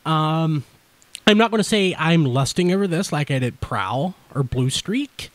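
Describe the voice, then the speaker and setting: A man hosting a podcast in casual chat, talking fast and blurring his words together, wide awake and energized. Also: a little high, expressive, dry recording. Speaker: podcast host.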